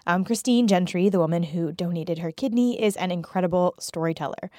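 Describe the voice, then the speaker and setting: A woman's voice: on the low side, brisk, darkish tone, no room sound, studio quality. A woman podcast host introducing a bonus clip in a friendly, chatty way, with fillers. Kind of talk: casual bonus intro and narration.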